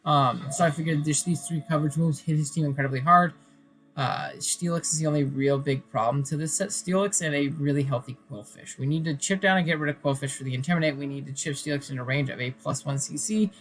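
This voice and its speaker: A man's voice: a little high, fast. A tired man talking casually about his game plan late at night, mumbling and rambling with lots of fillers. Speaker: competitive player and channel host. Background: faint background music.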